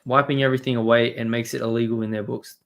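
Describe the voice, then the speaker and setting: A man's voice: medium pitch, level tone, quick pace, gravelly, a bit bright. A man hosting a live stream, rambling and swearing as he reads and answers his chat. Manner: rambling, profane, talks to chat. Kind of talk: casual live-stream commentary.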